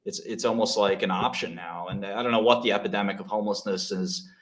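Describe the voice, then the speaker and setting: A man's voice: fairly low pitch, fairly even intonation, quick pace. A man in casual podcast chat, rambling with many fillers, swearing and laughing as he tells stories. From New York. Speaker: guest.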